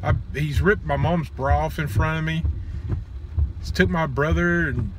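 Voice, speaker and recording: A man's voice: a little high, a little slow. Blunt man telling stories over traffic noise. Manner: blunt, crude, joking then earnest. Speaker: vlogger. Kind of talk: casual personal storytelling.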